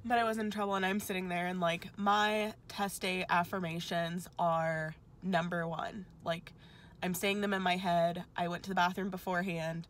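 Her voice sits on the low side, steady and a bit bright, with slight noise behind it. Just out of an exam, this young adult vlogger chats casually outside the testing center, emotional and rambling, tossing in quick asides.

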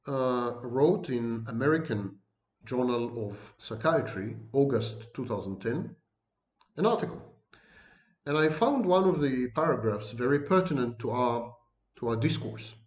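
A man's voice: medium pitch, very animated, a little slow. A man giving an online lecture on personality disorders, emphatic and scornful, stacking up terms as he goes. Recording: echoey room, dull lo-fi sound.

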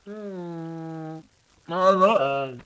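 A man's voice: a little high, extremely slow, sharp tone, slight background noise, full character voice, low-quality recording. A man voicing a goofy, easily upset male movie star in an improvised comic voice-over, with whiny, exaggerated complaints. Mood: silly.

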